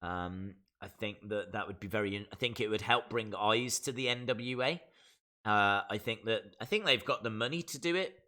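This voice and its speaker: A man's voice: fairly low pitch, normal speed, sharp tone. A man with a Black Country accent from the West Midlands, hosting a wrestling live stream in casual, opinionated chat, reading out viewer comments. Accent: Black Country English. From West Midlands, England. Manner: chatty and opinionated, with frequent fillers.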